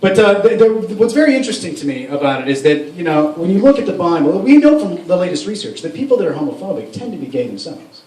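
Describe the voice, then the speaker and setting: A man's voice: sits high, big pitch swings, fast, few pauses, a little mellow. A man doing a stand-up comedy set in a club, rambling and profane with many restarts. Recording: roomy room sound from a far mic.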